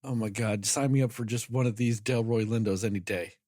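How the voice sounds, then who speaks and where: A man's voice: on the low side, fairly even intonation, fairly quick, dark tone, no room sound, studio quality. A man co-hosting a casual movie review podcast, emphatic and profane, acting out his own reactions. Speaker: podcast co-host.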